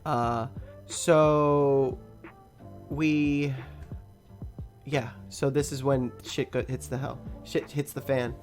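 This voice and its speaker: A man's voice: medium pitch, steady tone, drawn-out words, long pauses, faint music behind. A young man hosting a podcast, telling a story in a casual, rambling way, swearing freely and laughing often. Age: young adult. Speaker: podcast host.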